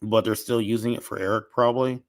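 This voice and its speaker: With a cough drop in his mouth, this man talks casually as a podcast guest, voicing strong opinions and frequently starting over. His pitch is fairly low and his tone steady, moving at a quick pace with no room sound.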